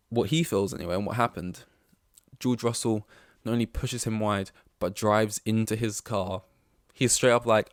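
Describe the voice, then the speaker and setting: A young man with a fairly low voice rattles through casual podcast commentary, excitable and swearing freely. He slips into quoted voices as he goes. The sound is dry and close, with no room around it. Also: moderate pace, dry recording. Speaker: podcast host.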